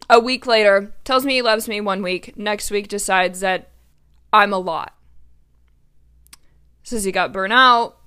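A woman's voice: medium pitch, bright, forceful tone. Young woman podcast host, candid storyteller, heavy "like" filler, swears freely. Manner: chatty, lots of "like", blunt and profane.

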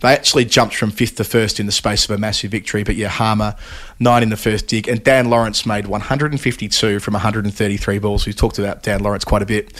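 A man's voice: fairly low pitch, flat delivery, quick pace, a bit bright. A man co-hosting a podcast, chatting casually about cricket results with lots of asides. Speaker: podcast co-host.

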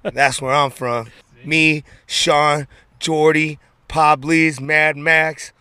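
A man's voice: fairly high pitch, level tone, drawn-out words, pushed and bright, clean tone, no room sound, studio quality. A man from San Francisco telling stories as an interview guest, laid-back and streetwise, with plenty of slang and swearing. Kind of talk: casual storytelling interview.

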